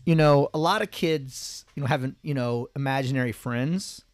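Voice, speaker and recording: A man's voice: mid-range voice, moderate pace, a little hiss or hum. A middle-aged man telling family stories in a casual chat. He rambles, corrects himself and laughs between anecdotes. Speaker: family member recalling childhood.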